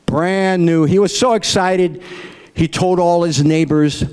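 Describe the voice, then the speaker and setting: A man's voice: high voice, fairly even intonation, slow pace, darkish tone, clean tone. A middle-aged man telling folksy stand-up jokes about his grandparents, acting out their voices. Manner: folksy storyteller, acts out grandparents in raised voices. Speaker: stand-up comedian.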